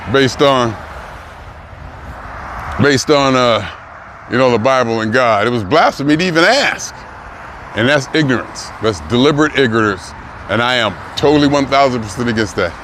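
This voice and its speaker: A man's voice: medium pitch, lively intonation, normal speed, a bit bright. Rambling older man outdoors by traffic. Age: 60s. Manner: rambling, repeats himself, emphatic. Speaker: vlogger. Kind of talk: reflective casual monologue. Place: outdoors near a car rental lot. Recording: noisy outdoor street recording. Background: traffic and city noise.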